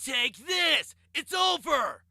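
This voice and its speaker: Brief: man doing a manic cartoon mad scientist, raspy and shouting. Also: very high voice, expressive, takes it slowly, no echo, clean studio sound, pitched above the performer's own voice, exaggerated voice. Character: manic male cartoon scientist turned pickle.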